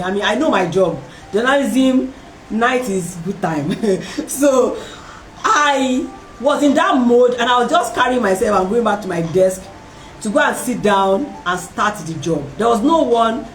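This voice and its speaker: A woman hosting a talk, telling a personal story in a lively way and acting out the voices of other people. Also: fairly high pitch, slight background noise. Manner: animated, acts out voices in her story, laughs often. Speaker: host. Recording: roomy and distant from the mic.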